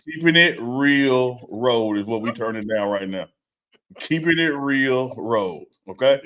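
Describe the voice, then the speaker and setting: A man co-hosting a casual sports talk show, playful and teasing, with a loose relaxed delivery. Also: mid-range voice, unhurried. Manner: teasing, playful, reads a sponsor plug in a loose drawl. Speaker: co-host.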